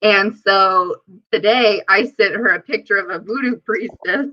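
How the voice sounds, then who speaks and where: A woman hosting a live stream, chatting casually and telling stories in a giggly, animated way over a video call. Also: mid-range voice, a little slow, highs cut off. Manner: giggly, animated storytelling with quoted asides. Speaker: host.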